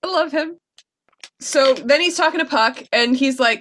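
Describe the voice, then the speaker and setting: A woman's voice: sits high, moderate pace, fairly bright tone. A young woman co-hosting a podcast, recapping a TV episode with enthusiastic asides and lots of fillers. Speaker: podcast co-host. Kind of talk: casual chat recapping a TV episode.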